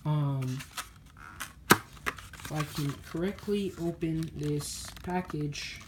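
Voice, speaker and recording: A low-pitched woman talks viewers through a computer build in a casual, chatty way, calling them guys. Her speech comes out a bit slurred. Clicks and typing are plainly heard behind her. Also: slow, very noisy. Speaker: PC builder vlogger.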